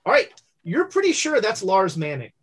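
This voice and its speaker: A woman narrating a tabletop horror game as game master, pausing often with fillers. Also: mid-range voice, huge pitch swings. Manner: halting, filler-heavy narration.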